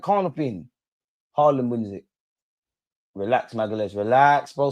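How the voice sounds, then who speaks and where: A man giving a live reaction to a football match, calling out to the players and the referee as if they could hear him. His talk is casual and slangy, with occasional swearing, and his voice sits at an ordinary middle pitch. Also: measured pace, long pauses. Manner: emotional, talks at players and referee on screen. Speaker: football watch-along host.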